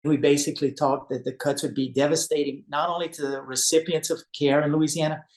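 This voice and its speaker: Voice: mid-range voice, little pitch movement, a little fast, a little mellow, roomy sound. A speaker with an American accent answering an interview in an earnest, serious way.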